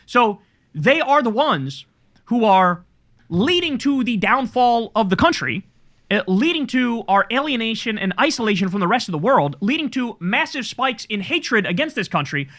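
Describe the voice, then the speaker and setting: A man giving critical political commentary in a steady, explanatory way. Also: very high voice, moderate pace.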